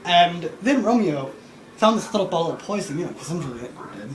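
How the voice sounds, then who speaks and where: A man telling a funny story in animated comic style, often laughing as he goes. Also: on the high side, fairly quick, rough recording. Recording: family laughing in the room.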